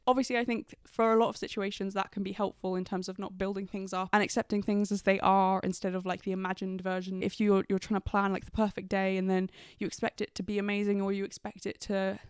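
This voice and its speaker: A woman's voice: mid-range voice, level tone, quick pace, hardly any pauses, a little mellow, clean tone, no echo, clean studio sound. A young woman, talking casually and chattily about friendship advice, with lots of "like" and frequent laughs. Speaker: vlogger.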